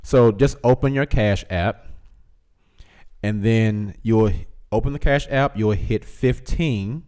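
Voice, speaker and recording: A man chats on his own livestream at an unhurried, drawn-out pace, his voice sitting fairly low. He reads out viewer comments, teases people in a laid-back way and breaks into laughter often. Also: darkish tone, clear, resonant tone. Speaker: livestream host reading chat. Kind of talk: casual livestream chat.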